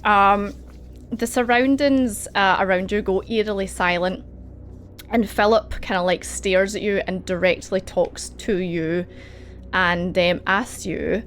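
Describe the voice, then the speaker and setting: Woman, game master, slow, hesitant, giggly, voice call. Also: medium pitch, steady tone, a little hiss or hum. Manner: hesitant, filler-heavy, giggly. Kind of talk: narrating a tabletop game.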